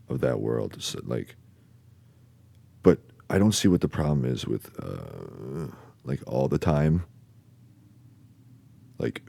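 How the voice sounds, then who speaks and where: A man hosting a podcast, telling a personal story in a halting way, with many pauses and fillers, casual swearing, and sentences that trail off quietly. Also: very deep voice, creaky, no echo. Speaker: podcast host.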